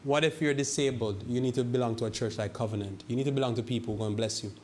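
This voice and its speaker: A man's voice: medium pitch, steady tone, slight background noise. Man preaching with rhetorical questions. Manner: preaches with rhetorical questions and slow scripture quoting; repeats and restarts words. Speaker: pastor. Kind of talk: sermon.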